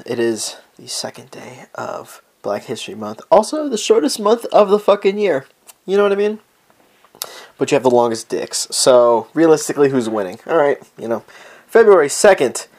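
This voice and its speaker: A man hosting a casual solo podcast from home. He talks in a loose, rambling way, swears freely, jokes as he goes and keeps wandering off topic. His voice sits at an ordinary pitch for a man. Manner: rambling, profane, joking, easily sidetracked. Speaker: podcast host.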